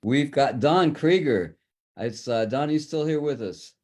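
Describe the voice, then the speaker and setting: A man's voice: mid-range voice, lively intonation, a little slow, a little mellow. A man hosting a livestream reading who talks in a jovial, chatty way. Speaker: host.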